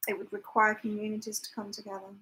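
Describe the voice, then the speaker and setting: A woman's voice: medium pitch, completely flat delivery, quick pace, pushed and bright, low-quality recording. A woman hosting a live psychic chat, talking casually with viewers, laughing often and reading out their comments. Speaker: psychic livestream host. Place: temporary lodging, staying away from home.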